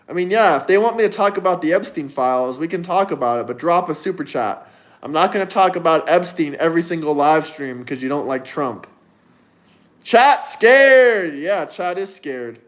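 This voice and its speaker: He's a livestream host in his twenties whose high-pitched, sing-song voice moves at a normal speed. His banter with chat is brash, mocking, and deliberately provocative.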